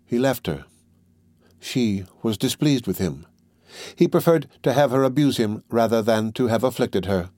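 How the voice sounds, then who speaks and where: A man reading a classic novel aloud as audiobook narration, measured and steady. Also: mid-range voice, no echo, clean studio sound. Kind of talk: scripted narration.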